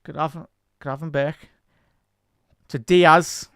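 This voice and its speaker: Brief: male fan-host, live watch-along, chatty and excitable, resonant voice in a dead, close space. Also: on the high side, slow, dry recording. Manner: excitable, chatty fan commentary, talks to the chat. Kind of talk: live match commentary and chat with viewers.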